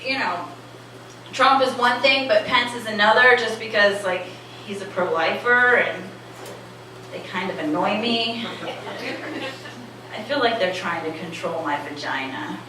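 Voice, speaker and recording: A woman's voice: mid-range voice, measured pace, pauses often. A woman in her late thirties performing a stand-up comedy set, wry and conversational, with lots of "like"s. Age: late 30s. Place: comedy club stage. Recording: echoey club from far off, noisy.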